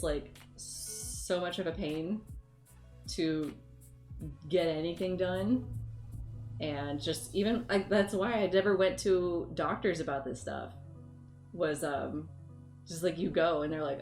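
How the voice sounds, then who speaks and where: A woman livestreamer chatting casually with her viewers, rambling through stories and laughing often. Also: on the low side. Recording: roomy room with faint music.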